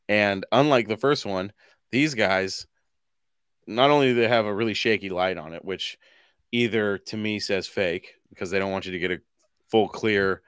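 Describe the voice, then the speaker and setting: A man with a fairly low voice co-hosts a casual podcast, chatting loosely and breaking into laughter as he tells stories. He is from Washington state, and his voice sounds close and dry, with little room behind it. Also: smooth, dry recording. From Washington state, USA. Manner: chatty, laughs often, animated storytelling. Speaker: podcast co-host.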